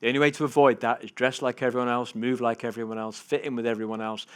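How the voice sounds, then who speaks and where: Animated man telling stories on stage. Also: mid-range voice, fast talker, smooth. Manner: animated storyteller, swings from hushed to loud. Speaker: keynote speaker. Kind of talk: motivational keynote storytelling. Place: conference stage before a live audience.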